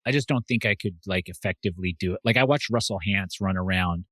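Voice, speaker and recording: Easygoing male podcast host, low voice. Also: fast, no room sound. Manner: relaxed, agreeable, lots of "yeah". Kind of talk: casual chat.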